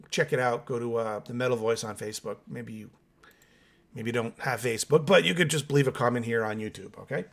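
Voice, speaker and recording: The host of a metal music channel, a man with a mid-range, slightly bright voice, runs a casual solo podcast where he reacts to things and reads comments. He's opinionated and chatty, addresses viewers head-on, and is still waking up with his coffee.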